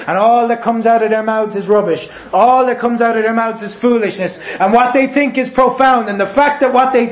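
A man preaching a sermon, forceful and repetitive, sometimes mimicking voices. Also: very high-pitched. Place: church hall. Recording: echoey room.

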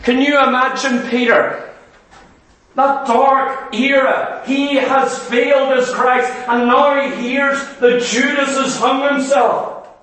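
A man preaching with an unusually high voice. He speaks slowly and earnestly, and keeps putting questions to his listeners. His voice rings through a very echoey hall from some distance off the mic. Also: level tone, a bit bright. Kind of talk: sermon.

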